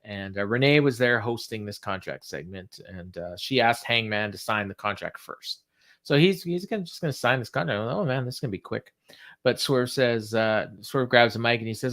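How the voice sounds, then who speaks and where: Speaking at normal speed with a medium-pitched, slightly bright voice, this male co-host rambles through a laid-back show recap full of fillers, reading quotes out loud as he goes.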